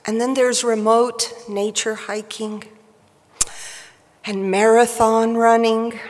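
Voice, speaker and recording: Slow, wry woman giving a tribute speech. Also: a little high. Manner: wry, measured delivery. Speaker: speaker at a surgical society event. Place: large hall. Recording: reverberant hall.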